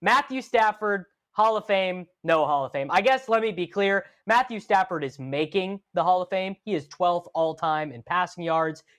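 A man hosting a sports radio show, running through headlines briskly and chatting with his co-host. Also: high-pitched, a bit bright.

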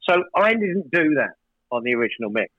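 A man's voice: on the high side, fairly quick, dry recording. Man telling a studio story on a muffled line. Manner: animated storyteller, acts out studio exchanges. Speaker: record producer guest. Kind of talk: storytelling interview.

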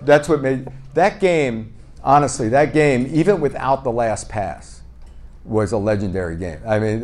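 A man with a voice of ordinary, middling pitch tells stories in a relaxed, chatty way. He acts out both sides of old conversations and pokes fun at himself as he goes. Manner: lively, re-enacts dialogue with "I go, he goes"; self-deprecating and playful. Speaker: podcast guest. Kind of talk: casual anecdotal storytelling.

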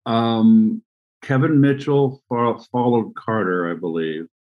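A man in his sixties, an interview guest telling long, rambling anecdotes with restarts and pauses. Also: medium pitch, dull audio. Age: 60s. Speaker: interview guest, former baseball player and manager. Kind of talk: conversational storytelling.

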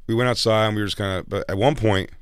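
A man's voice: fairly low pitch, steady tone, rapid-fire, clean tone, no room sound, studio quality. A man on a podcast, chatting in a laid-back way and telling his side of a story. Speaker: podcast host. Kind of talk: casual chat.

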